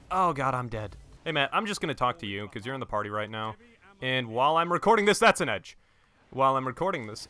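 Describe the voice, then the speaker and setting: An excitable young man narrating his own gameplay, his voice bright and bouncing all over the place. He jokes, talks to his teammates and swears at his deaths, speaking close into a headset mic. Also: medium pitch. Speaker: gaming channel host. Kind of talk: let's-play gameplay commentary.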